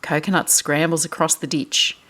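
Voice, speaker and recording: A woman reading a picture book aloud to children, animated and asking them questions as she goes. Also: sits low, normal speed.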